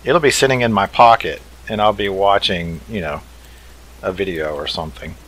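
A man's voice: low-pitched, moderate pace, a bit bright, a little hiss or hum, low-quality recording. A man hosting a let's play, thinking aloud in an easygoing way as he builds. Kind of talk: casual game commentary.

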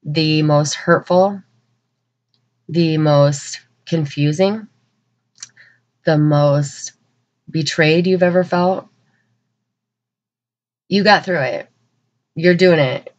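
Slow earnest woman reading tarot, lo-fi. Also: low voice. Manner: slow, earnest, emotional, with many pauses. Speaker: tarot reader. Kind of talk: channeled spiritual message to viewers. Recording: dull lo-fi recording.

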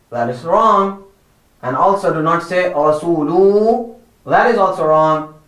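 Teaching Quran recitation to children, this man goes word by word at a slow, deliberate pace, patiently repeating and pointing out mistaken pronunciations. His voice is fairly high with a fairly bright tone, and the recording has a clear room echo.

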